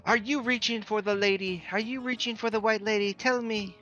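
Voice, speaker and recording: A man's voice: sits high, steady tone, brisk, bright, forceful tone, muffled recording, pitched above the performer's own voice. A man voicing a probing woman who leads a ritual and questions each party member. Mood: insistent.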